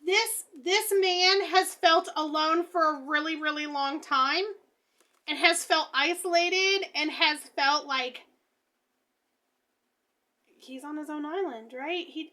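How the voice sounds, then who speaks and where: A woman doing a tarot reading, high-voiced and bright, swinging from hushed musing to excited exclaiming. She thinks aloud as she turns each card, with a sharp, ringing tone. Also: unhurried. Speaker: tarot reader.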